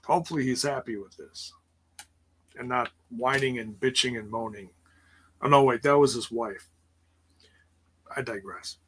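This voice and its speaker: A man's voice: mid-range voice, moderate pace, pauses often, fairly bright tone, slightly rough. A man casually recapping wrestling for a live chat, rambling with ums and sarcastic asides. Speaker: wrestling show recap host.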